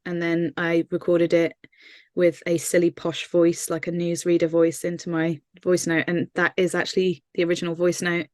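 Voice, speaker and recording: Woman singer-songwriter, low flat delivery, thoughtful and earnest, dry recording. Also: no echo. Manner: earnest, thoughtful, many fillers and restarts. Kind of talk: casual interview answers.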